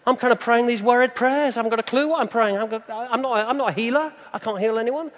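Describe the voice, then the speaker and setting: A man preaching a sermon, telling stories and swinging up into high, excited tones. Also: fast talker. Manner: animated, jumps to high excited pitch. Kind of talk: sermon with storytelling. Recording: dull sound with long hall reverb.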